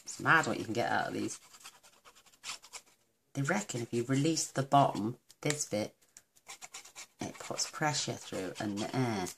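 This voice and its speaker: A woman's voice: very deep voice, a little slow, gravelly, long pauses, a bit bright, a little hiss or hum, low-quality recording. A middle-aged woman from the UK chatting casually through a crafting tutorial, rambling and talking to herself as she works. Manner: chatty, rambling, talks to herself while working. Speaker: craft demonstrator.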